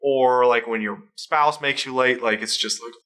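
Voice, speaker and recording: A man co-hosting a podcast in casual chat, rambling and halting with lots of fillers. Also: mid-range voice, pushed and bright. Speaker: podcast co-host.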